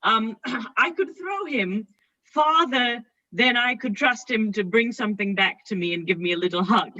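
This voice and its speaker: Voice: mid-range voice, moderate pace, pushed and bright, no echo, lo-fi sound, natural voice. A performer playing Fred, a vain and needy nephew hosting a party, giggly and rambling, in a drunken improv stage comedy.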